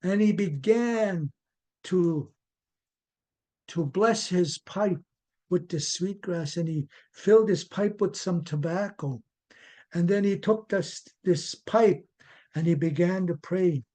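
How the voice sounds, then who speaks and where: Slow, high-voiced male storyteller. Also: mellow. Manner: deliberate, explains native words as he goes. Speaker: storyteller and educator. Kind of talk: traditional oral storytelling.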